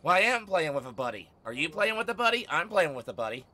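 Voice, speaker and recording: A man live-streaming a game from home, chatting casually with viewers, teasing and swearing, often bursting out loudly. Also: fairly high pitch, very animated, fast talker. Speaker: livestreamer.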